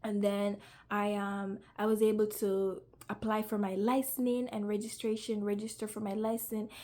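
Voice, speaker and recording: A young woman tells her personal faith testimony in a casual video, her medium-pitched, warm voice delivered flatly at a moderate pace. Earnest and talkative, she uses plenty of fillers and grows emotional, sounding close to tears.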